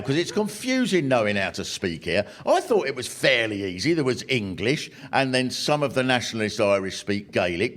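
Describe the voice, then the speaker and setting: A man doing a wry, animated stand-up comedy routine to a live audience. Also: fairly high pitch. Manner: wry, animated, punchline-driven. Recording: noisy live recording with audience laughter.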